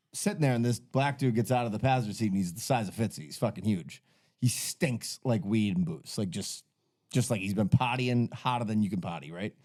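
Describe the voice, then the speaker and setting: A man's voice: mid-range voice, darkish tone. A man telling a long rambling story on a podcast, full of fillers. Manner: rambling, heavy fillers, laughs at own story. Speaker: podcast host. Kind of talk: casual storytelling.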